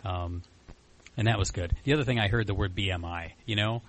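Deep-voiced man talking candidly. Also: brisk. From Flint, Michigan. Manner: candid, rambling, with fillers and restarts. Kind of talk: casual personal talk.

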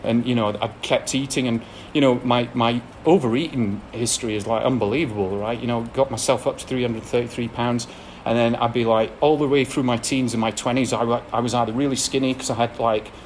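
A man with an English accent speaks fairly quickly to an audience, with few pauses and fairly even intonation in his mid-range voice. He frankly recounts his recovery, poking fun at himself and laughing occasionally between blunt details, with a little hiss or hum in the recording.

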